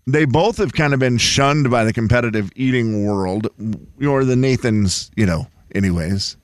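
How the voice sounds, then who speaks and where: A man's voice: medium pitch, moderate pace, clear, resonant tone, dry recording. A man hosting a morning radio show, teasing his co-host and producer in casual banter. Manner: joking, teasing, chatty.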